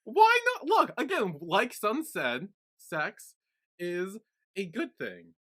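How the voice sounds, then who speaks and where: A woman's voice: mid-range voice, wildly swooping pitch, takes it slowly, bright, forceful tone, husky. A woman co-hosting a podcast in casual chat, making playful, blunt asides. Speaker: podcast co-host.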